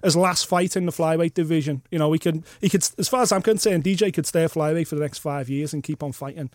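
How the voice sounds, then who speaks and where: Excitable, opinionated male co-host. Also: fairly high pitch, fast, no room sound, studio quality. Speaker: podcast co-host. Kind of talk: casual podcast chat. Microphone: studio mic.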